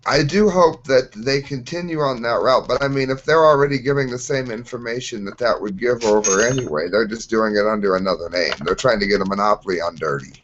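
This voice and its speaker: A man's voice: medium pitch, fairly quick, few pauses, a bit bright, a little hiss or hum. A male guest chatting casually with wry remarks over a video call. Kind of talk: casual podcast chat. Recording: dull lo-fi call audio.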